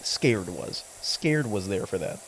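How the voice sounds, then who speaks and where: A man's voice: on the low side, animated, slow, slight background noise. A young man talks casually into his mic while he plays a game. His voice jumps around a lot. He rambles and swears, and he answers his chat with playful, exaggerated indignation. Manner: profane, rambling, mock-outraged banter with chat. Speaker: streamer. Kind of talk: casual live-stream commentary while gaming.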